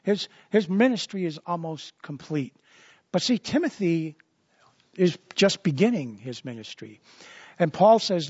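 A man's voice: high voice, animated, a little slow, a little mellow, slightly rough, no echo, dull audio. A man preaching a sermon as a pastor, in a conversational style full of repetitions and asides.

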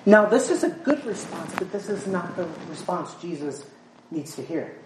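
A woman preaches earnestly, often repeating words and quoting scripture in old-fashioned language, in a lowish, animated voice at normal speed. The recording is noisy and echoey, with her voice sounding far off.

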